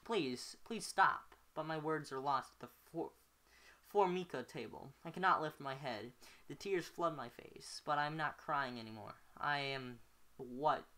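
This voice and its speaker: Woman, amateur reader of a novel; low pitch, bright tone, frequent self-corrections. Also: measured pace. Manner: stumbles and self-corrects on words. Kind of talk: reading a novel aloud.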